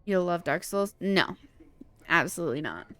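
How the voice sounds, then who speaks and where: A woman's voice: on the low side, animated, normal speed, fairly bright tone. A woman streaming a video game, chatting casually and venting her frustration while reading chat aloud.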